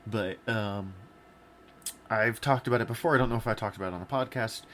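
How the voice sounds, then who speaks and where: A man co-hosting a podcast, candidly telling personal stories in a relaxed conversational way. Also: on the low side, a little fast, slight background noise. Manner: candid, storytelling, laid-back. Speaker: podcast co-host. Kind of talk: casual podcast discussion.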